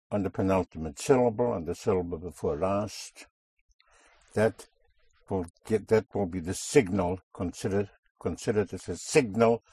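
A man's voice: fairly low pitch, lively intonation, measured pace, mellow, husky, no echo. A man teaching a language lesson, patiently repeating and correcting a student's answers. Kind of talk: guiding a student through spoken drills.

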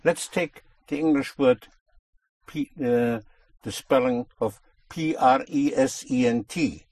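A man's voice: medium pitch, slow pace, a little mellow, no room sound. A man teaching a language lesson, patiently explaining and drilling words, checking in with "yes?" as he goes.

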